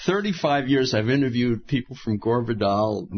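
A man's voice: mid-range voice, animated, moderate pace, husky, highs cut off. A man, a longtime interviewer, talking in casual conversation and asking thoughtful, long questions.

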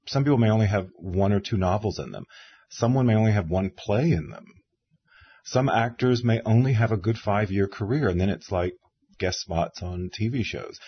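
Animated storytelling man in his fifties. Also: lowish voice, slightly rough, muffled recording. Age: 50s. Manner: animated storyteller who mimics people he quotes. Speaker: interviewer and author. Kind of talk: casual conversation.

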